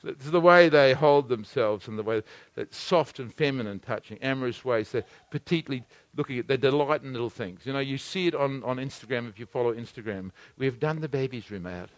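A man preaching a sermon, swinging between loud exhortation and hushed, intimate asides. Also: mid-range voice, fairly quick, few pauses, no echo.

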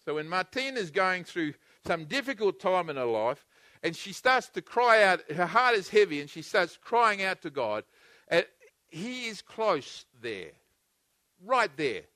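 A man preaching a sermon, earnestly and repetitively, swinging between loud emphatic bursts and hushed, intimate passages. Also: sits high, no room sound, studio quality. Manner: repetitive, earnest, with frequent restarts.

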